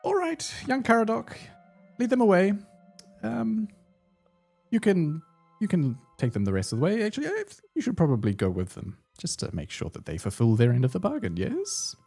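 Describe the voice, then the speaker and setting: A man voicing an ancient, gnarled female fae crone who gives orders in a high, imperious old woman's voice. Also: huge pitch swings, normal speed, creaky, a little mellow, soft background music, exaggerated voice. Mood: commanding.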